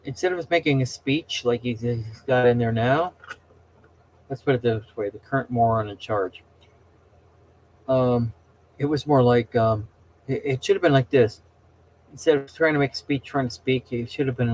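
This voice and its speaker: A man's voice: medium pitch, normal speed, darkish tone, low-quality recording. A middle-aged man hosting a casual chat, rambling and opinionated, often restarting his sentences and stumbling over words. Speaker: host chatting with viewers.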